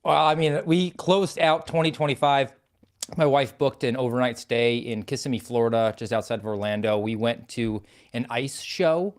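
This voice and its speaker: A man chatting as a podcast co-host, telling stories with wry, self-mocking humor. His pitch sits in an ordinary middle range, and he talks at an easy conversational pace. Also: moderate pace. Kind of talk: casual podcast chat.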